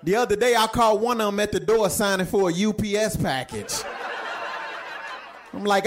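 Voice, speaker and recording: A man with a fairly high voice works through a stand-up set. His telling is laid-back and loose, full of everyday vernacular. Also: moderate pace, long pauses, noisy background. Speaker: stand-up comedian.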